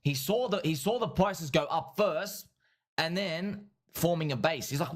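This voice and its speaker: A man hosting a livestream, giving rambling casual commentary in an excitable, repetitive way and calling his viewers friends and bro. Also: on the high side, measured pace. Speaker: livestream host. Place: at home streaming.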